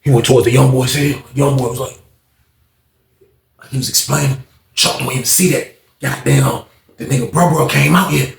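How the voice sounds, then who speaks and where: A man telling a story in a casual, animated, slangy and profane way. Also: mid-range voice, moderate pace, creaky, long pauses, reverberant.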